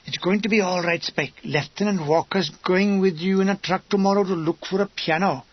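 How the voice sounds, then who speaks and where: A man voicing a reassuring Welsh army sergeant major in a storybook reading, steady and kindly. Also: high-pitched, moderate pace, no room sound. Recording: dull lo-fi dry recording.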